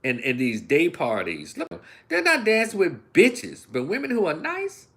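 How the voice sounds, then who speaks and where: Middle-aged Southern man, opinion host, folksy and animated, voice leaps up and down. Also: high voice, measured pace. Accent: Southern American. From Memphis, United States. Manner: animated, acts out voices and imitations; folksy, addresses listeners as y'all. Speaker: commentary channel host. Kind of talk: ranting opinion commentary.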